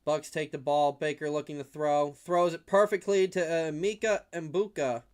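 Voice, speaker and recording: A man's voice: fairly high pitch, steady tone, moderate pace. A young man giving casual fan play-by-play on a livestream from his room at home, rambling and prone to getting worked up. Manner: rambling, gets worked up and shouts at big hits.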